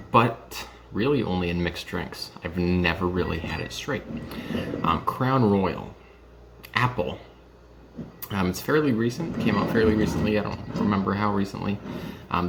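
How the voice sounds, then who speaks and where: Low gravelly young man, hesitant vlog chat. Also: noisy background. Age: young adult. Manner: hesitant, lots of ums and restarts. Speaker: vlogger reviewing whiskey.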